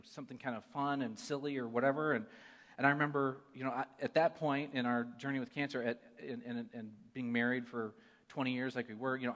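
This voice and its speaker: A man in his forties giving an earnest sermon testimony, moving between hushed and emphatic delivery. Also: medium pitch. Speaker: church speaker sharing a testimony. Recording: long reverb of a large hall.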